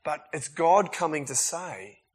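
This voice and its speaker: A man preaching a sermon in a casual, emphatic way, swinging between loud bursts and quiet asides. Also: a little high, expressive, unhurried, husky.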